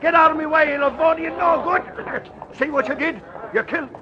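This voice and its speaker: An actor playing a brash, excitable, bossy man in an old radio drama. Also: extremely high pitch, moderate pace. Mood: excited. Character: blustering pushy middle-aged man. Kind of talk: 1940s radio acting. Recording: dull lo-fi old radio recording with crowd.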